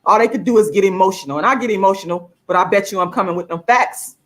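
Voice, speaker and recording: Emphatic, profane woman vlogger. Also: quick pace. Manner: emphatic and profane, with laughs between points; pitch swings widely, often jumping high for emphasis. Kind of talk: casual to-camera monologue.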